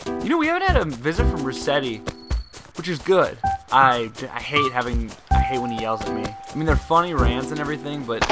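A young man giving chatty let's play commentary as the host of a gaming video, rambling along and bursting into excited shouts, with game music behind him. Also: medium pitch, vocal fry.

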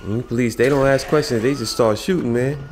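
A man's voice: mid-range voice, fairly quick, roomy sound, a little hiss or hum. A man giving casual, slangy commentary while playing a video game, chatting to the characters on screen. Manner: laid-back, slangy, talks to game characters.

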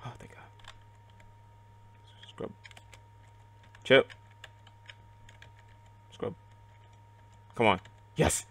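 A man giving live gameplay commentary, excitable and reactive, muttering and swearing at the game as he plays. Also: medium pitch, extremely slow, pauses often, dry recording. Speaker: let's play gamer.

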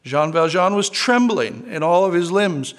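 A man's voice: sits high, expressive, measured pace. A man preaching a sermon as pastor, earnestly telling a story and quoting scripture. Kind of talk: sermon with read-aloud story.

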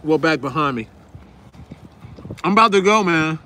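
This Newark, New Jersey vlogger has a high voice and a chatty way of addressing viewers directly while he chews, shooting a casual food vlog. He speaks at a moderate pace with lively intonation and a bright, forceful tone, a bit sniffly. Faint wind drifts through from the breezy parking lot where he's standing.

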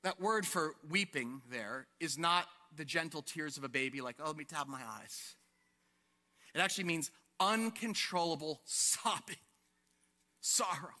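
A male pastor preaching an animated sermon to his congregation, asking them questions and acting out the scene. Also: high voice, in a large hall. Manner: animated, asks the congregation questions and acts out quotes. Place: church sanctuary.

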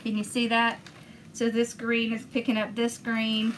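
A woman's voice: a little high, completely flat delivery, unhurried, slight background noise. A woman hosting a crafting video, chatting enthusiastically as she talks viewers through each step. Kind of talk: casual crafting demonstration.

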